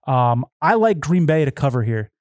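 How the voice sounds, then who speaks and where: A man's voice: medium pitch, very animated, normal speed, a little mellow, no echo, studio quality. A man co-hosting a podcast, running through betting lines and stats in casual chat. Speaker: podcast co-host.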